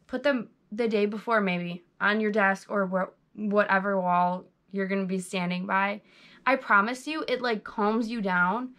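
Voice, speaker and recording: A woman's voice: medium pitch, fairly bright tone. Young woman, bubbly chatty vlog tips, says "like" a lot, GoPro camera. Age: young adult. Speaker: vlogger giving interview tips.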